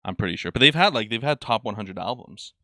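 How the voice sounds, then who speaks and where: A young man co-hosting a podcast in loose, rambling chat, swearing freely and padding his talk with fillers. His voice sits low but comes across bright and forceful, recorded close and dry. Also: lively intonation, quick pace, no room sound. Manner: profane, rambling, lots of fillers. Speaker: podcast co-host. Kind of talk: casual chat.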